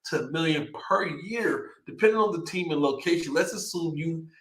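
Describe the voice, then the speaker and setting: A young man with a Texan accent hosting a casual livestream, excitedly reading out numbers and riffing on them. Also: on the high side, normal speed, echoey room. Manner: excitable, hyped, reads figures aloud and riffs. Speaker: livestream host.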